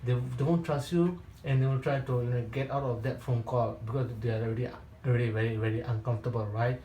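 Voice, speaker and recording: A man with a mellow, warm voice coaches real estate agents in a Q&A session. He talks in short, emphatic bursts, repeats his key points and keeps checking in with "right?". The recording sounds roomy, with a noticeable echo. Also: mid-range voice, steady tone, fast, a little hiss or hum. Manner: repetitive and emphatic, with frequent restarts.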